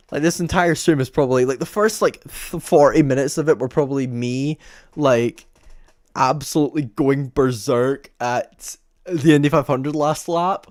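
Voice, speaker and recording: A man's voice: mid-range voice, animated, normal speed, no echo, studio quality. A man hosting a livestream, giving casual, rambling race commentary and sounding exasperated. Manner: exasperated, rambling, self-interrupting. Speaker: livestream host.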